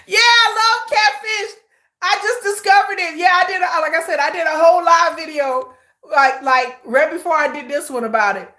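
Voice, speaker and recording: A woman hosts a live stream in casual talk, her voice high and bright. She gossips straight to her viewers, animated and often breaking into laughter. She is recorded on a phone or camera set on a tripod. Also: moderate pace. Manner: animated, laughing, shrieks and squeals names at the screen.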